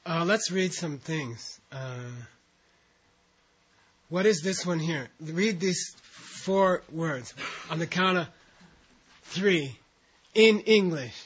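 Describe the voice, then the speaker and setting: A man leads a language class in a slow, unhurried way. He counts the group in and reads syllables aloud, with casual asides between them. His voice sits slightly high and the recording sounds a little dull and lo-fi. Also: expressive, slightly rough. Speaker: language teacher.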